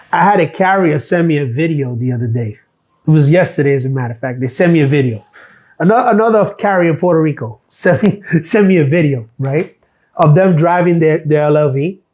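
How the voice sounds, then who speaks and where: A man's voice: on the high side, a little fast, darkish tone. A middle-aged man hosting a live stream, ranting bluntly and sarcastically about his workplace and swearing freely. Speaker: live stream host, former mail carrier.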